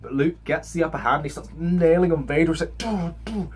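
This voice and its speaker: A man's voice: fairly high pitch, fairly even intonation, fast, slight background noise. A young man giving a casual, sarcastic movie review, swearing freely and acting out scenes in mock voices.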